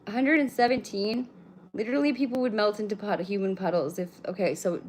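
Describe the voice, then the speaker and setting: A livestreamer in her thirties from British Columbia, Canada, chats casually with viewers in a mid-range, slightly fast, somewhat mellow voice. She rambles, speaks bluntly, and swears freely while answering their questions.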